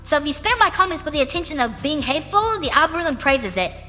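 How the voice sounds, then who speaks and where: Casting: brash, swearing woman musician from the UK, high sharp voice, long reverb with music underneath. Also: sing-song. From United Kingdom. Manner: brash and profane, drawn-out emphatic phrases. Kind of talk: casual interview answers. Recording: reverberant room with music behind.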